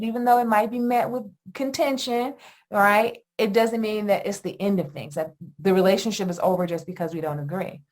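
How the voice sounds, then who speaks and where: A middle-aged woman hosting a solo podcast on attachment, talking in an animated, emphatic way with lots of rhetorical questions. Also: medium pitch. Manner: animated, emphatic, often asks "guess what" and "right?". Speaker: podcast host, attachment educator.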